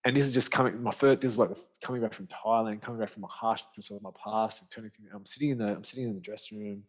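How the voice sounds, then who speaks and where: A man's voice: on the low side, racing. An Australian man telling a story as a podcast guest, casual and slangy, with lots of restarts. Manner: animated, rambling, slangy with frequent restarts. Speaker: guest, author and speaker. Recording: dull lo-fi podcast audio.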